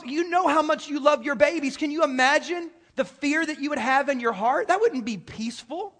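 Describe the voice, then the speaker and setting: A man's voice: very high voice, a bit bright. A man preaching a sermon to his congregation, chatty and joking, speaking straight to the people in the pews. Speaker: pastor.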